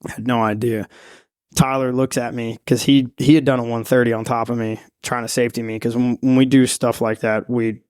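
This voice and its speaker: A man who teaches freediving and spearfishing, telling a long story in a podcast interview in a rambling, animated way with laughs and restarts. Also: mid-range voice, a little fast, smooth, no room sound, studio quality.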